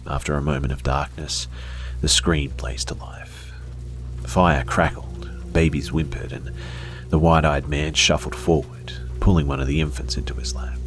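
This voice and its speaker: Brief: man with an extremely low voice, scripted horror narration, hushed and slow, faint music underneath. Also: steady tone.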